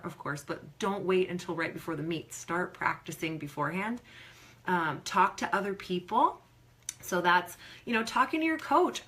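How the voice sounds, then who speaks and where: Animated woman coach on a live Q&A. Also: on the low side. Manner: animated, acts out quoted athletes. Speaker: performance coach. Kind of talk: casual Facebook Live Q&A.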